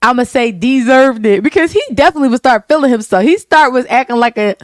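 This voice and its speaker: A woman's voice: fairly high pitch, expressive, fast, dry recording, clean studio sound. A woman co-hosting a casual podcast about a TV series, playful and emphatic, laughing often. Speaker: podcast co-host. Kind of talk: casual chat reviewing a TV series.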